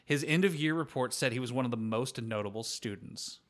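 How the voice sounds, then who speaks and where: A man's voice: mid-range voice, fairly quick. A man co-hosting a podcast who reads out research and drifts into loose, profane asides. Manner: relaxed and profane, mixes read facts with loose asides. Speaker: podcast co-host leading the episode. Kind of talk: casual chat, reading from research notes.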